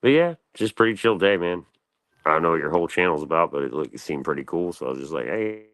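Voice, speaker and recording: A young man with a drawl and an extremely low, deep voice. He rambles through casual stories in a slangy, loose way, full of fillers and asides. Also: lively intonation, fast talker, a bit bright. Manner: laid-back, slangy, loose storytelling with lots of fillers. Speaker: guest on a live panel stream.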